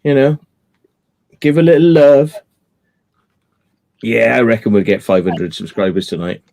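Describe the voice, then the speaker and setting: Male livestream host, relaxed and chatty, salty language, mid-range voice. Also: medium pitch, a little slow, creaky. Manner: laid-back, swears freely, rambling anecdotes. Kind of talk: casual live chat.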